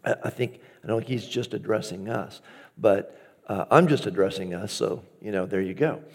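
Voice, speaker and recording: A man's voice: fairly low pitch, moderate pace. A man preaching a conversational, storytelling sermon as pastor, acting out his own inner dialogue.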